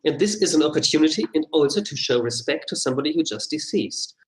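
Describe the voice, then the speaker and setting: A man playing in a tabletop role-playing game, describing his character's actions in a calm, matter-of-fact way. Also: on the high side, quick pace, rough recording. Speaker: player.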